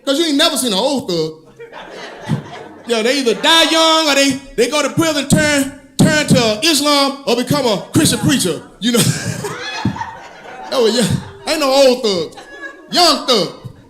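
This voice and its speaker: A male stand-up comedian telling stories in an animated, sing-song way, laughing at his own jokes. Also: very high voice, moderate pace, pauses often, soft background music. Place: comedy club stage.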